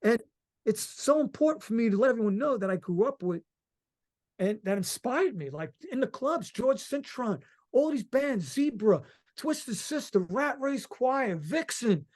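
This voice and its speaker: A middle-aged man from Long Island, a musician guest telling stories in a rambling, excited way and swearing freely. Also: very high-pitched, measured pace. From Long Island, New York. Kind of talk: casual interview chat.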